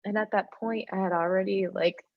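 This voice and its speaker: A young woman telling the story of her life in casual talk, animated, with a lot of "like", and she acts out the other people. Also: mid-range voice, moderate pace, dry recording, highs cut off.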